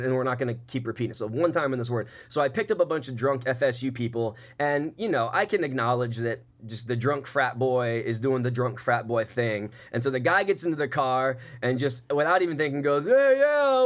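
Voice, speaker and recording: A man hosting a casual radio chat show, telling stories in a lively way and acting out other people's voices. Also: medium pitch. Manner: animated storyteller, acts out other voices. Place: radio studio.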